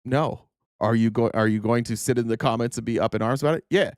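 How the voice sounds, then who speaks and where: A man's voice: medium pitch, fast talker, no echo, studio quality. A man hosting casual political commentary, sarcastic and profane, often mocking his opponents in mock voices.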